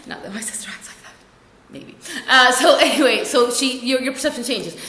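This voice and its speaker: A young woman rambling through a funny work story, self-mocking and jumping into squeaky voices for quotes. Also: quick pace, bright, forceful tone, slight background noise. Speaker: vlogger. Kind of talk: casual storytelling vlog. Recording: echoey room with long reverb.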